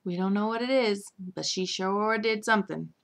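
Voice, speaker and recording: A woman's voice: medium pitch, moderate pace, gravelly. A young woman hosting a casual soap opera recap, chatty and giggly, with lots of fillers. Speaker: recap host. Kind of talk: casual chat.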